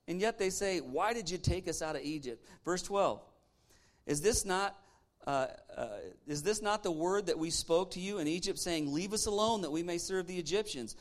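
A pastor, a man whose voice sits slightly high, delivers a lively sermon. He speaks in punchy bursts, mocks complainers in quoted asides and keeps asking the congregation rhetorical questions. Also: moderate pace. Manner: animated, punchy preaching with mocking asides and sarcastic quoted voices.

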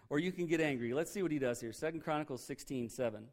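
A man's voice: on the high side, quick pace. A male pastor preaching a conversational sermon, emphatic and full of rhetorical questions.

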